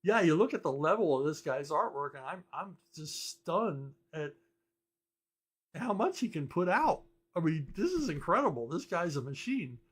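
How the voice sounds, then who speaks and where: A man's voice: fairly high pitch, big pitch swings, normal speed, husky. An older man hosting a casual question-and-answer show, rambling with many fillers and restarts and chuckling often. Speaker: host answering viewer questions. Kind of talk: casual chat.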